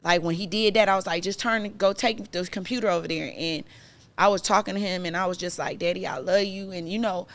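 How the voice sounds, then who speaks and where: A woman with a somewhat low voice recounts a painful personal story in a relaxed podcast chat. She talks in an animated, emotional way, full of fillers and restarts. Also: fast. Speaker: podcast guest.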